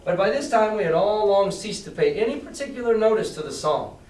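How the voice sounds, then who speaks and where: A man's voice: high-pitched, animated, brisk, a little mellow, slight background noise. A male teacher reads a novel aloud to his class and explains it in a casual, chatty way, asking them questions. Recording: echoey room, far from mic.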